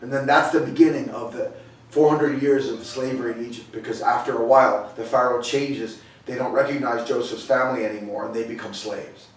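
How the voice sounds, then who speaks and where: A man's voice: medium pitch, steady tone, a little fast. A man preaching a sermon in a conversational way, retelling scripture with frequent restarts. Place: sanctuary hall. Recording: very echoey room, voice from far off.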